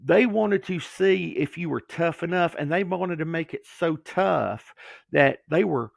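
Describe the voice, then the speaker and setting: Gravelly man spinning a story. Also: on the high side, measured pace, no room sound, clean studio sound. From Georgia, USA. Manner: animated storyteller who acts out quoted voices. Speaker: guest, former pro wrestler. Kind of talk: storytelling interview.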